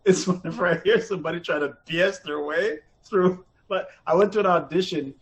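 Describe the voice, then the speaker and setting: A man from Montreal spins animated, profanity-laced stories about his acting work. He laughs between lines, and his voice sits a little high for a man. The talk is loose and conversational. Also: brisk, poor audio. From Montreal, Canada. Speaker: actor, podcast guest. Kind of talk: casual chat, storytelling.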